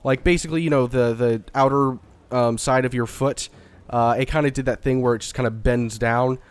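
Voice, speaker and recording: A man's voice: medium pitch, fairly even intonation, fairly quick, smooth. A young man from the Dallas–Fort Worth area, getting over a cold, giving casual, rambling gameplay commentary with frequent swearing and fillers. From Dallas–Fort Worth area, Texas. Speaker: let's-play gamer.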